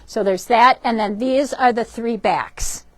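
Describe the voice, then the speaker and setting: A woman hosting a shop's live quilting show, chatty and upbeat, often pausing with ums as she shows fabrics and books. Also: fairly high pitch. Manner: chatty, upbeat, frequent ums and self-corrections. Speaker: shop host presenting fabrics and books. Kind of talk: casual product demo for a live stream. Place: indoors in a fabric shop.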